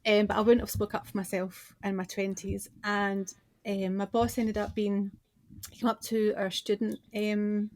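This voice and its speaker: A woman's voice: mid-range voice, flat delivery, moderate pace, a little mellow, no room sound. A woman in her forties with a Scottish accent, telling stories as a podcast guest in a chatty way with many restarts. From Scotland. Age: 40s. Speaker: guest, business owner and designer. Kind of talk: casual interview chat.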